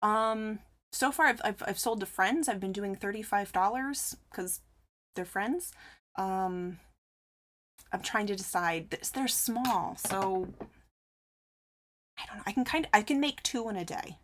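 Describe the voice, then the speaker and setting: A woman with a medium-pitched, fairly bright voice chats casually on a live crochet stream, speaking at a measured pace with long pauses. She reads viewer messages aloud and replies to them, laughing often.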